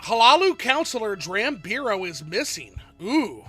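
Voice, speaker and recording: A man with a high, bright voice reads in-game news aloud in a chatty, enthusiastic way. Faint music plays behind him, and his pitch jumps around freely. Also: big pitch swings, measured pace, slightly rough. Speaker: host. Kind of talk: casual gaming chat and reading in-game news.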